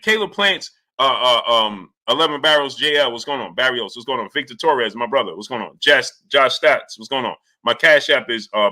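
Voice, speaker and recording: Bright-voiced man hosting a boxing livestream. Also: medium pitch. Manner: shouts out chat names, lots of fillers. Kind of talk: casual livestream chat.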